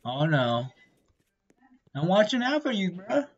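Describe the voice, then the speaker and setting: A gaming creator gives casual let's-play commentary in slangy gamer talk, excitably blurting reactions and yelling at other players. The voice is medium-pitched, slow, and a bit breathy, and the recording sounds muffled.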